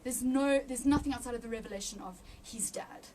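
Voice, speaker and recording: A woman with a high voice shares a personal faith testimony, halting and restarting as emotion rises close to tears. She sits a little back from the mic, with a faint hum of room ambience behind her. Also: mellow, distant mic. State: near tears. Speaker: interview guest.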